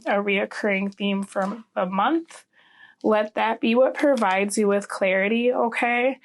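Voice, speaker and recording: A woman's voice: mid-range voice, creaky. A woman giving a casual tarot reading, chatty, often ending her points with "okay?". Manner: chatty, frequent "um" and "okay?" tags. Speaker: tarot reader.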